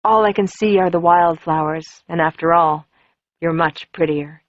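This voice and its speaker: Brief: a female reader doing a quiet, mysterious teen boy, lowish voice, dull dry audiobook sound. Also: normal speed, no echo, close to an everyday voice. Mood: gentle. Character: mysterious gentle teenage boy.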